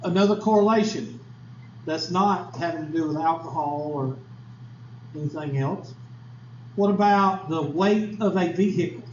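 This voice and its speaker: A man with a slightly high, darkish voice gives a statistics lecture in a folksy, chatty style, throwing questions at his students. Recorded in a classroom, the sound is echoey and a little dull, with faint background noise.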